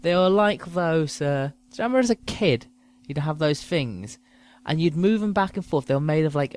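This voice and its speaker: A man's voice: a little high, animated, moderate pace, darkish tone. A man hosting a comedy podcast, ranting profanely about trivial things. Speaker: podcast host. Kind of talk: comedic rant.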